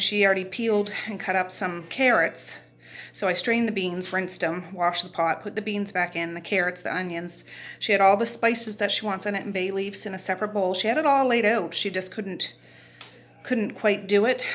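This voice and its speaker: This is a middle-aged woman from Nova Scotia, Canada, a mother and vlogger, sitting in a rocking chair at home and chatting casually about her day. Her voice is mid-range and a bit bright, and her stories ramble along with plenty of fillers.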